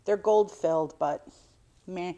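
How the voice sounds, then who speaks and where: A middle-aged woman talks through an unboxing in a casual vlog, her voice sitting a little low. She gushes and exclaims often, chatty and warm toward her viewers. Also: slow pace, creaky. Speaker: vintage reseller unboxing finds.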